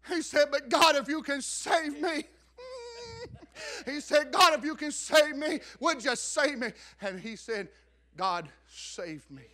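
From the pulpit, a middle-aged pastor delivers a sermon built around stories, his very high voice bright and forceful. He speaks at normal speed with hardly any pauses, sinking into hushed asides before building up to shouts.

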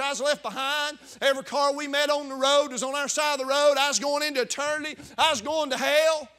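A man preaching a fervent sermon, rising to shouts at its high points. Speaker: pastor.

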